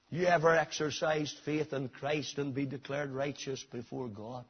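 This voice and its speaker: A man preaching a sermon, swinging between soft, intimate appeals and loud, shouted climaxes. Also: mid-range voice, fairly even intonation, moderate pace, hardly any pauses, husky, muffled recording.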